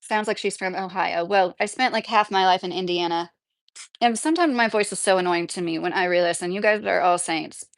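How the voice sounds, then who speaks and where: A woman's voice: fairly low pitch, brisk, creaky, dry recording. A woman hosting a livestream, chatting casually with her viewers, rambling and full of "like.". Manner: rambling, filler-heavy with frequent "like". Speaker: livestream host reading chat. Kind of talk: casual live chat.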